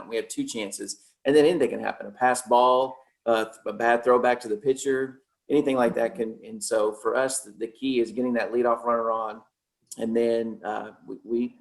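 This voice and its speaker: A man, a softball coach, explaining plays at length in a steady, practical way. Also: mid-range voice. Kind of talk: casual interview.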